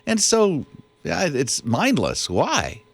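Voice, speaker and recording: A male radio co-host trades stories in relaxed morning-show banter, his pitch leaping up and down as he gets animated. The studio mic sounds close and dry, with no room around him. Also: slow, creaky, no room sound. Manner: animated storyteller, laughs easily. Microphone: studio microphone.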